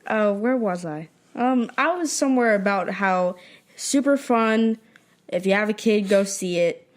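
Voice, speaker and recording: Dry, quick-talking teenage girl. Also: mid-range voice. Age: teens. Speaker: podcast co-host. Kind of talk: casual chat.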